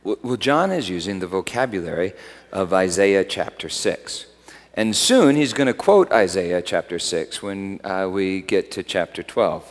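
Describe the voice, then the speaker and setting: A man preaching a sermon as pastor, swinging from hushed asides to loud emphatic peaks. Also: sits low, lively intonation, a little slow. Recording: long hall reverb.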